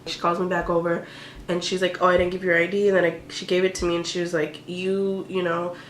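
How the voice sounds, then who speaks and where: A woman's voice: fairly low pitch, little pitch movement, fairly quick. A young woman telling a personal story in a casual vlog, emotional and full of "like" fillers. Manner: emotional, tearful at times, many "like" fillers. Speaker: vlogger. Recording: roomy echo with faint background hiss.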